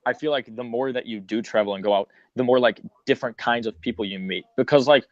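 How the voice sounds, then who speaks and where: A man's voice: mid-range voice, quick pace, no room sound, muffled recording. A man in a casual group chat on a video call, speaking hesitantly and often saying "like". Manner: hesitant, many "like" fillers.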